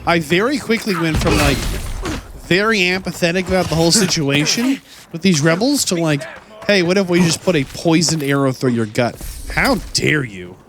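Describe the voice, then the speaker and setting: A man's voice: fairly high pitch, animated, normal speed, heavy background noise. A man hosting a game playthrough, commentating as he plays and launching into mock-indignant, theatrical rants at enemies. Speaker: let's play host. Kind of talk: gameplay commentary.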